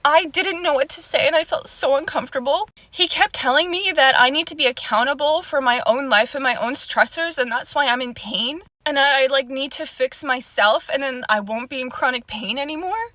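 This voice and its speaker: A woman's voice: high-pitched, fairly quick, hardly any pauses, pushed and bright, dry recording. A young woman telling an upsetting personal story in an earnest, emotional vlog rant.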